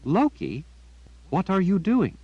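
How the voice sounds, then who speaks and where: A man's voice: high-pitched, huge pitch swings, slow pace, breathy edge, muffled recording, voice pushed up, exaggerated voice. A man voicing a curious young girl. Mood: puzzled. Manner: raised, lighter voice, questioning and scolding. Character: curious spirited young girl talking to her raven.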